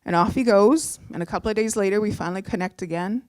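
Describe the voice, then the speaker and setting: Middle-aged woman telling a lively story. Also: mid-range voice, fast talker, dry recording. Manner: animated, chatty, with many fillers and restarts. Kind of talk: personal storytelling on a live show.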